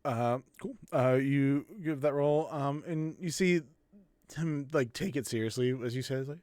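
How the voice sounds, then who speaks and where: A man's voice: mid-range voice, a little slow, no echo. Laid-back guy running a tabletop game, rambles a bit, mid voice. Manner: relaxed, rambling, many fillers. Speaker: game master.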